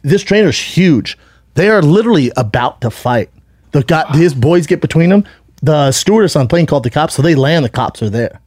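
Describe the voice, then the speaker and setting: A man's voice: on the high side, animated, brisk, darkish tone, dry recording, studio quality. A man hosting a podcast in casual chat, telling a long story in a rambling, profane way with many restarts. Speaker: podcast host.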